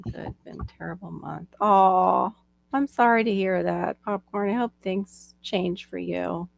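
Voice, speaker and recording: A woman's voice: on the low side, steady tone, a little slow, gravelly, dry recording. A woman in her forties, the host of a live stream, from Florida, chatting casually and laughing often. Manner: chatty, laughs often, reads side chat aloud.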